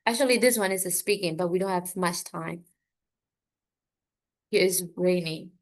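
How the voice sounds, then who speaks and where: A woman from Myanmar with a Burmese accent, teaching an online English class and explaining slowly and carefully. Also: on the low side. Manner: slow, careful explaining, stressing example words.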